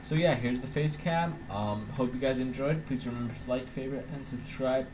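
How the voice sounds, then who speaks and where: Casual man vlogging over steady hiss. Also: medium pitch, fairly quick. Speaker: channel host. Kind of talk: vlog outro.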